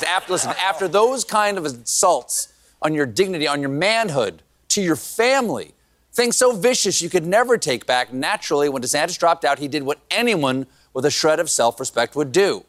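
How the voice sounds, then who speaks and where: Man, comedy monologue host, fairly high-pitched, punchy delivery, chuckling. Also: expressive, moderate pace, a bit bright. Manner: punchy joke delivery, laughing at his own lines. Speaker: late-night comedy host.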